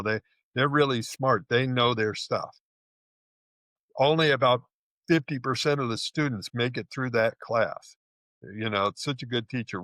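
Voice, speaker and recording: In a podcast interview, a male relationship coach earnestly explains his ideas and acts out the little dialogues he describes. His mid-range voice has a fairly bright tone, and there's no echo.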